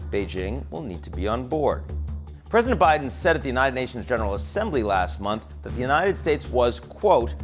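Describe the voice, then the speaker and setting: Middle-aged male host, sardonic scripted commentary, lively pitch, faint music bed. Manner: wry, sardonic, emphatic delivery.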